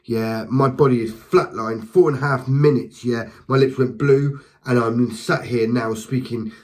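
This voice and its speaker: A man's voice: mid-range voice, steady tone, unhurried, darkish tone, low-quality recording. Male preacher, mid-range voice, fervent and passionate, speaks to camera with stumbling repetitions. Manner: passionate, fervent, repeats words and restarts; speaks to the listener directly with encouragement. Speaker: lay preacher. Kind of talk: impassioned spoken testimony.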